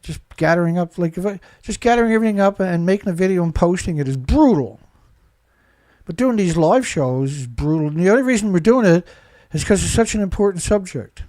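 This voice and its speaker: A man's voice: high-pitched, lively intonation, fairly quick, a little mellow, dry recording. Angry ranting man, dry close sound. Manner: repetitive, rhetorical questions. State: congested, blowing nose. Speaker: live show host. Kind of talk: impassioned live commentary.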